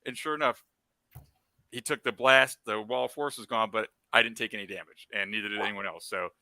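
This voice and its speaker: A man, the special guest on a gaming talk show, telling rambling game-table anecdotes full of fillers and excited asides. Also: fairly low pitch, a little fast, a crowd in the background. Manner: excitable and animated when retelling. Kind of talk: casual storytelling chat.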